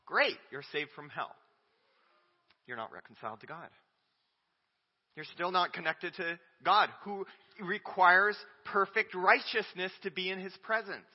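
Male pastor, mid-high voice, dynamic sermon delivery, recorded dull with a long hall tail. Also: measured pace, long pauses. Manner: emphatic preaching, swinging between loud declarations and quiet asides. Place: church sanctuary. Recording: dull audio with long church reverb.

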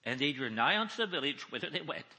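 A man preaching at a conference, reading scripture slowly and with emphasis and asking his listeners questions. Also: on the high side, very animated, pushed and bright, slightly rough. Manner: reads slowly, deliberately, with emphasis; asks the audience questions. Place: large conference hall. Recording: echoey hall reverb.

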